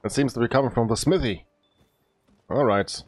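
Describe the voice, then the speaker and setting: Relaxed man doing gameplay commentary. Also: mid-range voice, moderate pace, no room sound. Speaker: let's play host.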